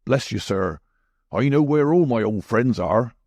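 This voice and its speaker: A man's voice: mid-range voice, animated, normal speed, darkish tone, no room sound. A man voicing a crafty, sinister old sailor who talks in coarse seaman's speech. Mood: sly.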